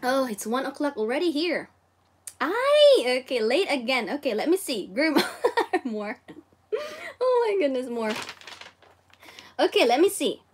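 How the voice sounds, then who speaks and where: With slight background noise behind her, a Filipino-accented woman hosts a relaxed livestream teaching Japanese, reading comments from viewers. Her high voice is sing-song at a normal speed with long pauses. She's bubbly, giggles and exclaims often, and code-switches.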